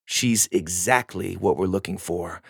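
A man voicing a hesitant, polite young male cadet, with a creaky, husky voice. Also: low voice, a little slow, no echo, clean studio sound, heavily acted.

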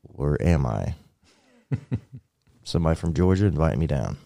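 A man's voice: very deep voice, very animated, normal speed, vocal fry, dark tone. A man in casual chat, cracking crude, profane jokes in a rambling way.

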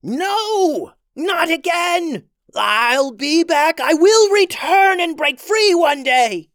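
Man doing a shrill villain witch queen for a storybook, shrieking and desperate, very high and strained. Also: takes it slowly, a bit bright, no echo, clean studio sound, full character voice. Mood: furious.

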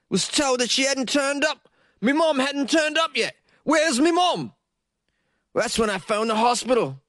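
A man's voice: fairly bright tone, dry recording, clean studio sound. A man voicing an exasperated working-class English son, in a put-on English accent, indignant and raised. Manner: raised, indignant, rising pitch.

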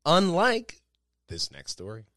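Lively joking male podcast co-host. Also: a little high, takes it slowly, no room sound, studio quality. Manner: animated, laughing, swears freely. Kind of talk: casual chat, reading news.

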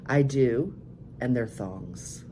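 Woman, very low voice, middle-aged, blunt chatty host, steady noise behind her. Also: slow pace. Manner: frank, chatty, laughs often. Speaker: cam show podcast host. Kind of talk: casual live-stream chat reading viewer messages.

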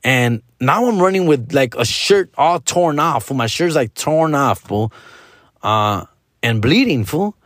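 A man's voice: mid-range voice, lively intonation, unhurried, fairly bright tone, no room sound, clean studio sound. A man in his forties telling a personal story in casual, profane slang, switching between English and Spanish. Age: 40s.

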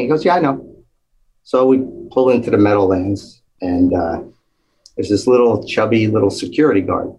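A man telling a lively anecdote in casual conversation, acting out the quotes. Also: on the low side, husky, rough recording. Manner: animated storytelling, acts out quotes. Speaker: storyteller, former police officer.

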